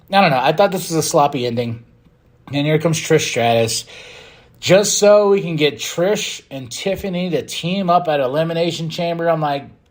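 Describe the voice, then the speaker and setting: Guy doing a wrestling recap, kinda high voice, jumps all over in pitch, opinionated. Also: moderate pace. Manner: animated, opinionated, acts out quotes. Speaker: podcast host.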